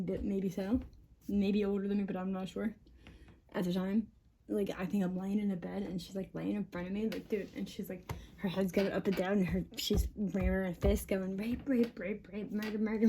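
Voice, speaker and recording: A woman rants to camera in a long, rambling monologue, her voice mellow and soft-edged despite the heavy cursing. She sounds agitated and laughs between thoughts, and a faint hiss of noise sits under her. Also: medium pitch. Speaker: mother venting on camera.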